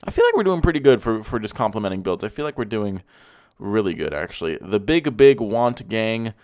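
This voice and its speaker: A man with a somewhat low voice talks in a loose, comedic commentary style. He hands out fake compliments with dry sarcasm and swears freely as he rambles. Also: sing-song, brisk, a little mellow. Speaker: YouTube car commentator.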